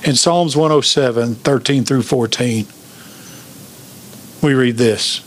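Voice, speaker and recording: A pastor preaching an emphatic sermon, asking the congregation questions. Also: male voice, mid-range voice, takes it slowly.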